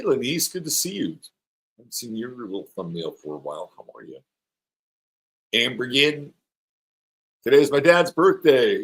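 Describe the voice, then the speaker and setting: Low-voiced, rambling middle-aged male astrologer. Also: poor audio. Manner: rambling, playful, reads viewer comments aloud. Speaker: astrologer host. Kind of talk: live-stream chat with viewers.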